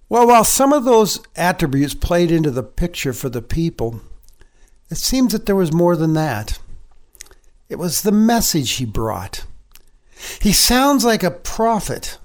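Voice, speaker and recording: A man delivering a church sermon, his voice sitting a little higher than most men's. He reads the passage aloud and then preaches, lifting his pitch on quoted words to stress them. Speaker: pastor.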